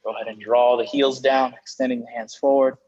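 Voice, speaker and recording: A man guiding a yoga class through postures and breathing, with calm, slow spoken cues and spiritual phrasing. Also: medium pitch, husky, muffled recording. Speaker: yoga instructor. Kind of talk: guided yoga class instruction.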